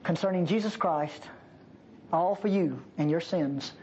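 A woman's voice: lowish voice, measured pace, darkish tone, dull audio, slight background noise. A woman preacher giving an emphatic, folksy sermon in a church.

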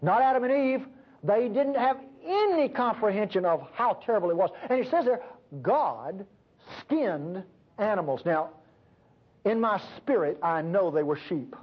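A man preaching a sermon fervently, swinging between loud emphasis and hushed low passages. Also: animated, measured pace, breathy edge. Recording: dull lo-fi recording.

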